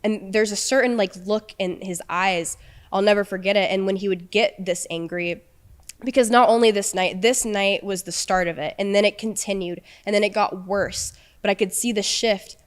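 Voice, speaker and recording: Young woman on a podcast, earnest and halting, lots of restarts and "like", middle pitch. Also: steady tone. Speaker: podcast guest. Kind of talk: personal storytelling in conversation.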